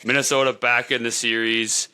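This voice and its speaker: A man co-hosting a podcast in casual chat, rambling and laughing often as he talks excitedly. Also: mid-range voice, moderate pace, smooth. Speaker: podcast co-host.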